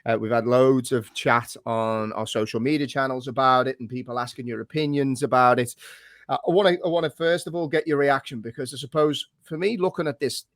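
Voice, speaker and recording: Podcast host, teasing, leads the talk, dry close sound. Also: male voice, medium pitch, fairly quick, no room sound. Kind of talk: casual chat.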